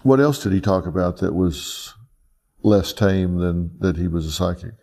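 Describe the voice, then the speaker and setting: A man interviewing calmly, asking probing questions and repeating answers back. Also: deep voice, measured pace.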